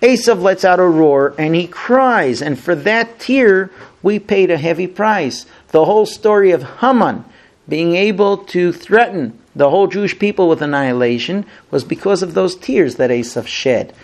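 A man teaching a Torah lesson, retelling the story in an animated way and voicing the people he quotes. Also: sits high, normal speed. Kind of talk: sermon-style Bible storytelling.

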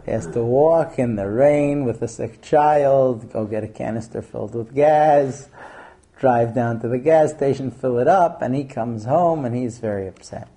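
In this class lecture, a man with a medium-pitched voice talks a little slowly. He illustrates his points with examples and brings scenes to life animatedly, switching between different voices.

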